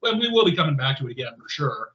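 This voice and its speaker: A man co-hosting a podcast, chatting casually in an animated, rambling way with lots of fillers. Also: mid-range voice, racing. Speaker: podcast co-host. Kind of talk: casual conversational chat. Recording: roomy, slightly dull podcast audio.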